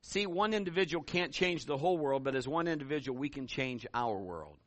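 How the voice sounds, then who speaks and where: A middle-aged man preaching a sermon as pastor, telling stories in an animated way and building to loud calls. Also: a little high, brisk, no echo.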